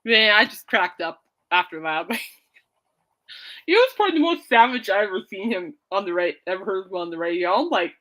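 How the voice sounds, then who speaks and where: A woman's voice: medium pitch, expressive, normal speed, fairly bright tone. A woman hosting a casual podcast, rambling and laughing often as she chats. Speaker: podcast host. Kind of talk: casual chat.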